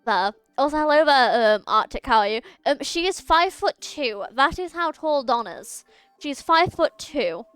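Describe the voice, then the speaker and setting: Young woman streamer, high voice, trips over big words, faint game music behind. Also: animated, measured pace, a bit bright, no room sound. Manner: chatty, stumbles over long words, laughs at herself. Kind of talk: casual chat while reading game dialogue aloud.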